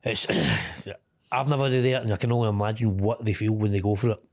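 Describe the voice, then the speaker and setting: A man's voice: fairly low pitch, brisk, no room sound, studio quality. A middle-aged Scottish man talking candidly as an interview guest, blunt, swearing casually and laughing easily.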